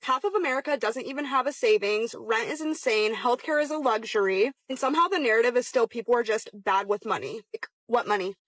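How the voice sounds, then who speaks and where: Woman, fairly high, rapid indignant delivery, dry recording. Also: a bit bright, no room sound. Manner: indignant, rhetorical. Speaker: social media poster. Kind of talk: opinion video.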